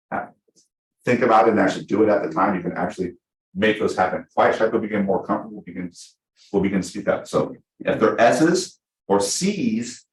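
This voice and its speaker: A man teaching a live class to real estate agents, chatty and animated, acting out the people he quotes. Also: lowish voice. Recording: echoey room.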